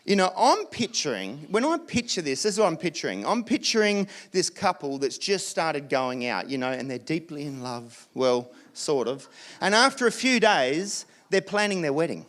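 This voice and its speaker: A man with an Australian accent preaching a sermon as a pastor, telling stories with animated asides. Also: on the high side, moderate pace. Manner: animated storytelling with acted asides.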